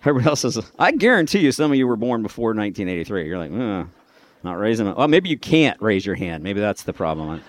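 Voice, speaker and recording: A man's voice: on the low side, sing-song, fast talker, hardly any pauses, no room sound. A middle-aged man giving a sarcastic talk to a live audience, mimicking other people's voices. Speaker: speaker addressing a live audience.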